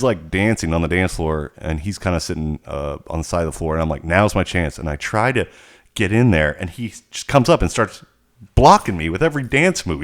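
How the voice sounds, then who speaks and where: A man co-hosting a podcast, telling a rambling, animated story in casual chat. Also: deep voice. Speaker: podcast co-host.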